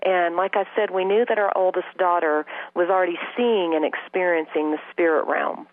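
A woman's voice: on the low side, steady tone, moderate pace, dry recording. A woman in her forties, a guest on an interview show, telling her faith testimony in an earnest, fervent way. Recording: dry, tinny phone-like sound.

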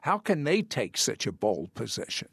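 Gravelly man hosting an interview. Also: mid-range voice, wildly swooping pitch, moderate pace, a bit bright, no echo, clean studio sound. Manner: probing, conversational questioning. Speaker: interview host. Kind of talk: broadcast interview questions.

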